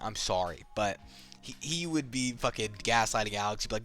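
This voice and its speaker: Profane, ranting young man, bright voice. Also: fairly low pitch, quick pace, faint music behind. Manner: rambling, profane, opinionated. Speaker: MMA commentator. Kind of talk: casual opinion rant.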